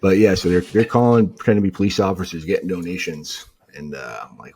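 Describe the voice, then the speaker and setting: A man's voice: low voice, quick pace, few pauses, breathy edge. A young man from New England, a podcast guest, telling stories in a casual way and acting out what others said. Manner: animated, acts out quotes of others. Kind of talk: casual storytelling.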